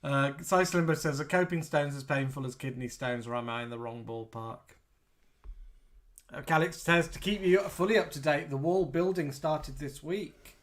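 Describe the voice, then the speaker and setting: A man's voice: a little high, normal speed. A man hosting a casual live chat show, reading out viewer comments in a chatty way. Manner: chatty, warm-hearted, reads out messages. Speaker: host.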